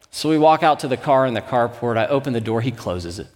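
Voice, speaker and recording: A man's voice: mid-range voice, lively intonation, fast talker, hardly any pauses, long reverb tail. A man in his thirties, a pastor, preaching a sermon as a candid, self-deprecating personal story.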